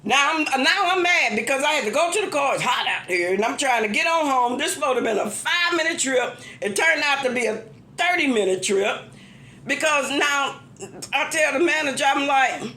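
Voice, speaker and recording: High bright animated woman venting. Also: normal speed, reverberant. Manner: animated, exasperated, laughing while venting. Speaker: vlogger. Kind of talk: casual storytelling rant.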